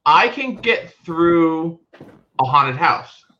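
A man's voice: on the high side, extremely slow. A man co-hosting a podcast, telling stories animatedly and acting out the people in them. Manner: animated storyteller, acts out quotes loudly. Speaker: podcast co-host. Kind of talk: casual chat. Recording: dull lo-fi sound.

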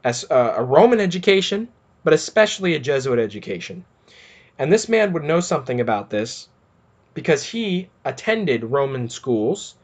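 A male religious commentator with a somewhat high voice speaks with urgent conviction. He hammers his points home by repeating key words. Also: very animated, moderate pace. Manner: emphatic, repeats words for stress.

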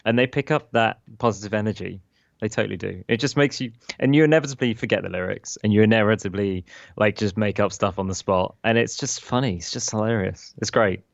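A man co-hosting a podcast, chatting casually and relaxed, laughing between thoughts. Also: on the low side, brisk, gravelly, no echo, lo-fi sound. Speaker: podcast co-host. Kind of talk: casual chat.

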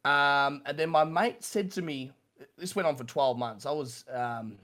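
Halting Australian man with a higher voice. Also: a bit bright. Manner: halting, repeats words, laughs nervously. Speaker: streamer guest. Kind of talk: candid interview storytelling.

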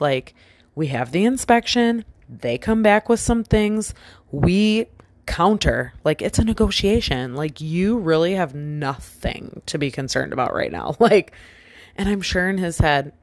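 A woman with a low voice tells a personal story in a loose, chatty monologue. She keeps adding "like" and acts out what she and others said. The sound is dry and close, with no room around it. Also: no room sound. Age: adult with a child. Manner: chatty and self-reflective, many "like" fillers, quoting herself and others. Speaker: vlogger telling a personal story.

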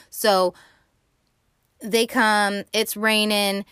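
Brief: female host, casual film recap, lively and profane, dead-dry recording. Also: medium pitch, unhurried, dry recording. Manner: animated, profane and slangy. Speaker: movie podcast host.

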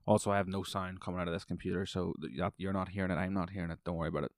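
A man hosts his own podcast, rambling and swearing with excitable energy while calling a fight as he watches. His voice sits on the low side. The recording is dry and close, with no room echo. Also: fast, hardly any pauses. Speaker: podcast host. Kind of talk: solo podcast chat with live fight commentary.

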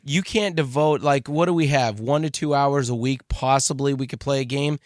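A man co-hosting a podcast, giving a chatty, animated recommendation. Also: mid-range voice, normal speed, no echo, studio quality. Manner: lively, chatty storytelling. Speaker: podcast co-host. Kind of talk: casual chat.

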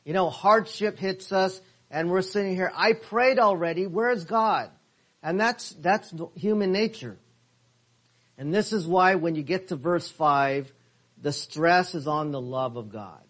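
High-voiced man teaching a Bible class. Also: a little slow. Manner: asks questions of the class, stresses words.

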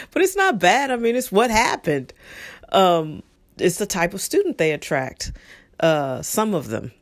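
Blunt, low-voiced woman telling stories. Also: no room sound. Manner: blunt, animated and profane, acting out quotes. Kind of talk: casual storytelling monologue.

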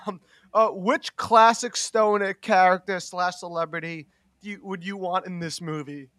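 High bright-voiced young man rambling. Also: fairly even intonation, normal speed, no room sound, clean studio sound. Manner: rambling, heavy use of "like", laughs often. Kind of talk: casual chat.

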